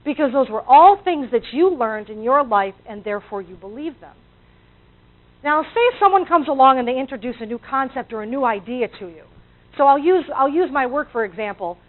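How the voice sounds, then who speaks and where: A motivational speaker addresses a live audience, acting out inner voices and putting questions to the crowd. Her high voice is animated and brisk, and the audio sounds tinny, like a phone.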